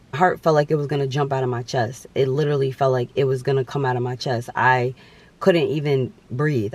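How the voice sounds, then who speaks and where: A young man telling a dramatic personal story on his vlog, with emphatic repetition. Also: mid-range voice. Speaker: vlogger.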